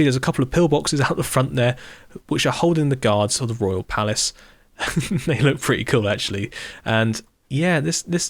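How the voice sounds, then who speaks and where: A man of middle pitch narrating a casual tour of builds in a block-building game. He sounds eager and a little rambling, and he chuckles as he goes. The recording is close and dry, with no room sound. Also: dry recording. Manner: enthusiastic, rambling, chuckles often. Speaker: YouTuber touring his creative game server. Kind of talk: casual gameplay walkthrough commentary.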